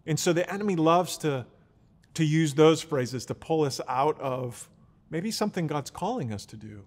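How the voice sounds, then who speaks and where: A man's voice: fairly high pitch, animated, moderate pace, long reverb tail. A man preaching a teaching sermon in an earnest, explaining way, often restarting his words. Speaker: pastor.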